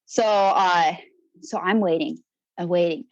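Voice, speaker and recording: On a podcast, a young woman who served in the Navy tells her own story bluntly, swearing a lot and rambling with restarts and trailing fillers. Her voice is on the low side and her pace measured. The recording has no room sound, and the highs are cut off.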